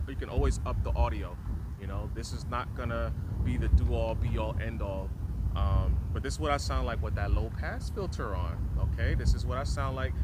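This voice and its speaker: A man vlogging outdoors while testing microphones, talking loudly to carry over the wind, with the camera held at arm's length. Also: medium pitch. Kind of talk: casual outdoor vlog. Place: outdoors in strong wind near a tripod. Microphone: camera mic held at arm's length. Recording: loud wind noise outdoors.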